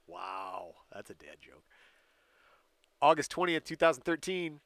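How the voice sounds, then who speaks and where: Male co-host, bright and a bit high, storytelling with frequent laughs. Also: sing-song, measured pace, no room sound. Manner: laughs often while recounting dates and events. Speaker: podcast co-host telling a story. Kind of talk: casual chat.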